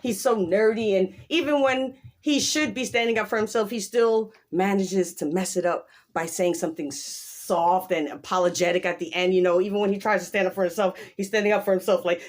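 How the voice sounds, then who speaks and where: Woman, casual recap chat, animated, emphatic, acts out quoted voices, laughs often, mid-pitched voice. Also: a little fast, hardly any pauses. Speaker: show reviewer.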